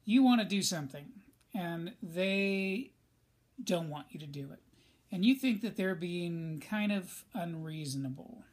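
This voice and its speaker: Slow-paced and expressive, this male teacher's high-pitched voice carries a recorded lesson in which he chats with and directly addresses his students.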